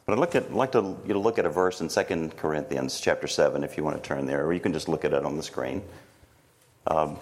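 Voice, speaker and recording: A middle-aged man, teaching a church class on emotions in a gentle, halting way with many fillers, slowing down softly when he reads prayers. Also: rumbling low. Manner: slow and soft when reading prayers. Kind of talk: teaching talk with guided reflection.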